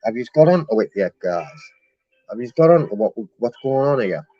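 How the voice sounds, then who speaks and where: A man's voice: mid-range voice, expressive, normal speed, dry recording. A man, complaining on a live-streamed phone call to customer service, chatty and mock-polite.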